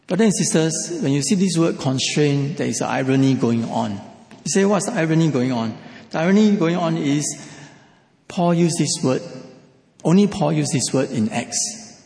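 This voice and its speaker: Gravelly preacher in an echoey hall. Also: male voice, on the high side, animated, moderate pace, darkish tone. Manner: emphatic, repeats key phrases. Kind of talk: sermon.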